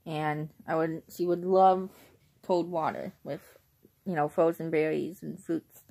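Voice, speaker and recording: A young woman vlogging in a casual, rambling way, who often clears her throat. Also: low-pitched, steady tone, a little slow, warm tone. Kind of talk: casual chat.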